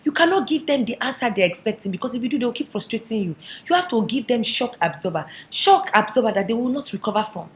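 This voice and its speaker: A woman's voice: a little high, sing-song, fast, hardly any pauses. A young woman delivers a comic advice monologue to camera. She talks in a sassy, conspiratorial way, leaning into every punchline. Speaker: vlogger.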